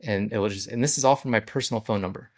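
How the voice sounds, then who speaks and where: Low-voiced man explaining his business. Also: racing. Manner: conversational, walks through steps plainly. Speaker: business owner. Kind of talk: casual business vlog explanation.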